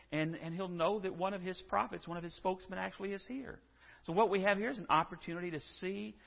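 A man's voice: fairly high pitch, breathy edge. A man from Texas, preaching a sermon to his congregation and acting out the scripture's figures as he tells the story. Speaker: pastor. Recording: muffled sound in a reverberant church hall.

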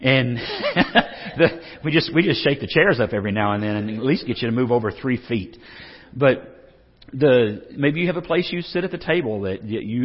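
A middle-aged man preaching a humorous sermon, telling stories with jokes and frequent restarts. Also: medium pitch. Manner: joking, storytelling, frequent restarts. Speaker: pastor. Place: church sanctuary. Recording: dull lo-fi recording with long hall reverb.

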